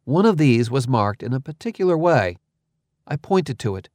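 Casting: male audiobook narrator, first person, measured, dry close mic. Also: medium pitch, very animated, a little mellow, no room sound.

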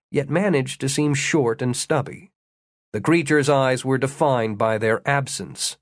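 Man reading a fantasy audiobook, wry and even, mid pitch, dry close mic. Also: no room sound. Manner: steady, wry storytelling, slowing for description. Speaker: audiobook narrator. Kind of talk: scripted narration.

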